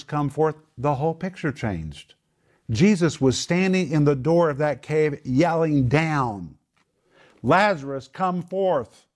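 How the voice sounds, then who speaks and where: A middle-aged man hosting a casual chat, telling stories with rising excitement. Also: medium pitch. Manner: animated storyteller, voice rising with excitement. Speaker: host.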